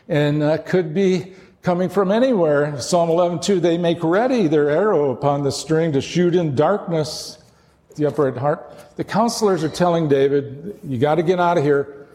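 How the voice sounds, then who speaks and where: A man's voice: on the high side, measured pace, mellow, in a large hall. A man preaching a sermon as pastor, earnest and emphatic.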